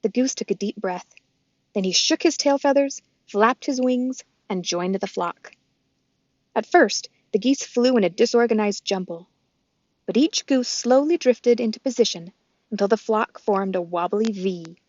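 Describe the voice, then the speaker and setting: A woman reading a children's storybook aloud in a gentle, clear, steady way. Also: medium pitch, unhurried, no echo, highs cut off. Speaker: storybook reader. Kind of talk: read-aloud storybook narration.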